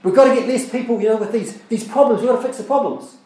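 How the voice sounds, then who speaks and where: A man's voice: very high-pitched, quick pace, warm tone, echoey room, rough recording. A man preaching a sermon as pastor, talking conversationally with rhetorical questions and repeated words, and reading scripture aloud in old-style English. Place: church.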